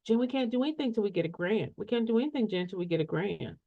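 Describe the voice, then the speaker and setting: A woman's voice: medium pitch, expressive, fast talker. A woman voicing an impatient would-be nonprofit founder who whines and pleads, repeating the same request. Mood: whining. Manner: whiny, repeating the same plea. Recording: dull lo-fi sound.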